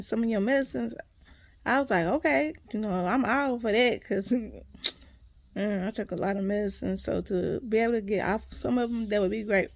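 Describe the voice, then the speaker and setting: A woman's voice: mid-range voice, gravelly, dry recording. A woman telling a casual story to her viewers, acting out what others said and calling them y'all. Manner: animated, quotes others, addresses viewers as y'all.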